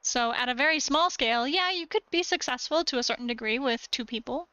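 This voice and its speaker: A woman gaming streamer with a high, bright voice, talking casually on a live stream. She gives short, clipped commands and then explains things at length. The sound is a bit dull and lo-fi. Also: a little fast, clean tone, no echo.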